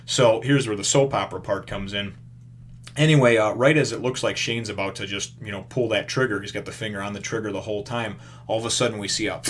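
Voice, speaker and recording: A man talks through a comic book story in a loose, rambling way, slipping into the characters' lines as he retells them. His voice sits fairly low. A faint hum runs under the recording. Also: quick pace, a bit bright. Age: adult with children. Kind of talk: casual recap.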